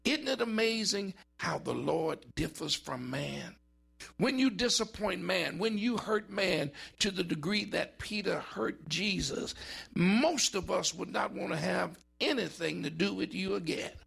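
A man preaching a sermon in a dramatic style, with big swings in pitch and drawn-out words for emphasis. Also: expressive, creaky, a bit bright, slightly rough.

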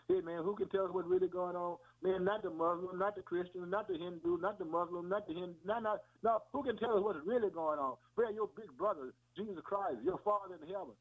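A man's voice: sits high, lively intonation, a little fast, few pauses. A man preaching an informal sermon in a folksy way, often calling his listeners "man" and "boy" and repeating himself. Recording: tinny phone-like radio audio.

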